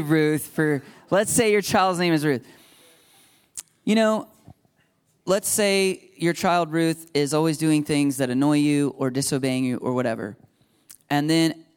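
A man's voice: on the high side, smooth. A man preaching a sermon to a live congregation in a loose, conversational way, joking and laughing at himself between points.

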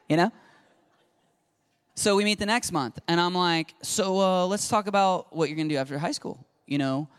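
A middle-aged man preaching a sermon, telling a story with lively acted-out dialogue. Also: a little high, normal speed, pauses often, clear, resonant tone. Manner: animated storytelling, acting out dialogue. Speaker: pastor. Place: church sanctuary.

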